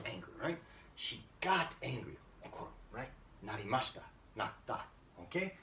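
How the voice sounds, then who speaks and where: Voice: mid-range voice, fairly bright tone. Chatty english teacher, keeps asking "right?", roomy echo, kinda far from the mic. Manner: playful, chatty, checks in with listeners often. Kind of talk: casual English lesson for Japanese learners.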